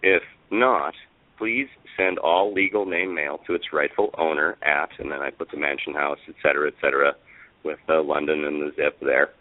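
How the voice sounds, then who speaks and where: A man's voice: deep voice, no room sound. A man calling in to a live talk show, rambling with many fillers and reading out a letter. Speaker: caller. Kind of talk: casual call-in talk, reading a letter aloud. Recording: tinny phone-like line.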